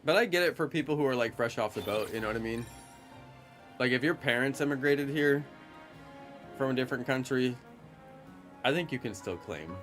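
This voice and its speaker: A man's voice: mid-range voice, expressive, brisk, long pauses, a bit bright, soft background music. A man from the United States talking casually on a live stream, rambling with lots of fillers and answering viewers' chat. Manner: rambling, heavy on fillers like "you know" and "like".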